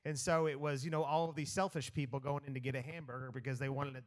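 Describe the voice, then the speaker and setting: A man's voice: medium pitch, flat delivery, fast. A pastor preaching to his church congregation on a handheld microphone, in a loose, conversational way full of fillers and restarts, with playful asides. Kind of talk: sermon. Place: church hall with a live congregation.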